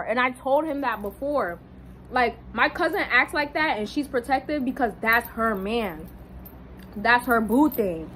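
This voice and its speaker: Young woman ranting a storytime, kinda high voice, lots of cussing, faint hiss behind. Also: normal speed, rough recording. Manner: animated, swearing, quotes people in raised voice. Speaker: vlogger. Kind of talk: casual storytime.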